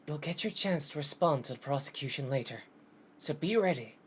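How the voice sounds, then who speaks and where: A man voicing a composed, instructive female mentor lawyer in a soft, advising tone. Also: on the high side, lively intonation, a little fast, a little hiss or hum, close to an everyday voice.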